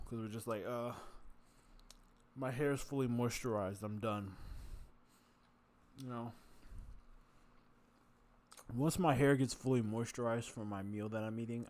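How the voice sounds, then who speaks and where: A man's voice: lowish voice, a little mellow. A man vlogging while he eats, rambling casually, cursing and poking fun at himself. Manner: self-mocking, profane, chatty.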